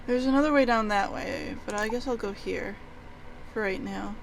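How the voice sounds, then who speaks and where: A woman hosting a let's play, musing aloud in a relaxed way as she plays. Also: a little high, moderate pace, a little hiss or hum, rough recording. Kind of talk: casual game commentary.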